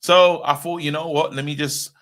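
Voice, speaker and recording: A man's voice: a little high, normal speed. A man co-hosting a football podcast, telling stories in casual chat and laughing often. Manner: laughs often, excitable storytelling. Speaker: podcast co-host.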